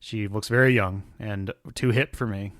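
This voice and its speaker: A man co-hosting a casual podcast, cracking crude jokes and quick quips. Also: fairly low pitch, fairly even intonation, a crowd in the background. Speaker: podcast co-host. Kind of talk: casual chat.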